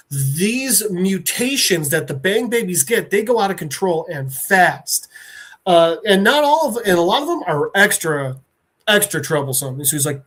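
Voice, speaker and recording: Animated man recapping a comic. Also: high-pitched, moderate pace. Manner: animated retelling, acting out characters' lines. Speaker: podcast host.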